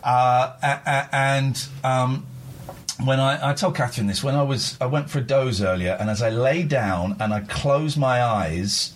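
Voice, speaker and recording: A man's voice: medium pitch, slight background noise. A man hosting a radio show, talking candidly and earnestly, stopping and restarting often as he confesses.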